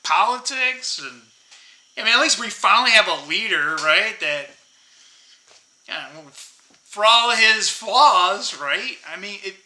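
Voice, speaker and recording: A man's voice: sits high, expressive, unhurried, bright, forceful tone. An American man rambling in a casual monologue, laughing often and tagging his sentences with "right?" and "dude.". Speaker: vlogger. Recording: echoey room.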